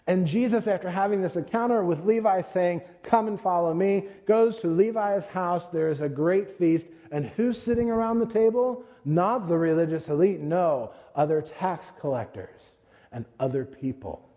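A man's voice: high-pitched, moderate pace, warm tone, in a large hall. A man preaching a conversational sermon, retelling scenes and acting out the quotes. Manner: storytelling with acted-out quotes, conversational. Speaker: pastor.

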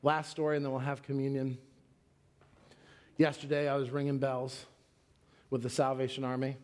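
A man's voice: completely flat delivery, normal speed, pauses often, darkish tone. A middle-aged man preaching a sermon as pastor, telling a story and acting out the quotes in it. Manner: storytelling, acts out quotes with raised pitch.

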